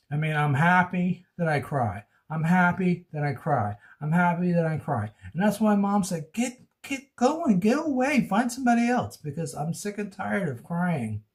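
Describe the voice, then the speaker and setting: Man vlogger with a higher-pitched voice, recording on a phone, emotional and rambling, repeats himself. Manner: rambling and repetitive, venting about relationships. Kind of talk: emotional personal vlog.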